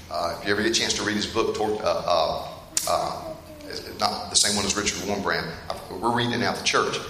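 A middle-aged man preaching a sermon in a church, talking straight to the congregation and telling stories in an animated way that gets him laughing. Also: fairly low pitch. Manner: storytelling, animated and laughing at funny parts; addresses the congregation directly. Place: church hall. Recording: echoey hall with faint room noise.

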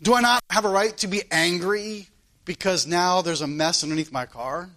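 Male preacher, high and bright-toned, earnest sermon with storytelling and rhetorical questions. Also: normal speed.

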